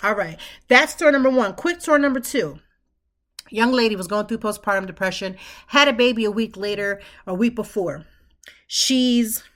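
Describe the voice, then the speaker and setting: A woman hosts a podcast in a fairly high voice. She speaks emphatically, like a preacher, and repeats her phrases again and again to drive each point home. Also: a bit bright. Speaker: podcast host. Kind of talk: impassioned talk.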